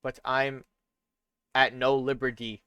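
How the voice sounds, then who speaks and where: A man's voice: medium pitch, flat delivery, slow pace, sharp tone, clear, resonant tone, no echo, studio quality, voice pushed down. A man voicing a guarded, evasive middle-aged prison governor in an attempted Scottish accent, reading game lines aloud and tripping over words.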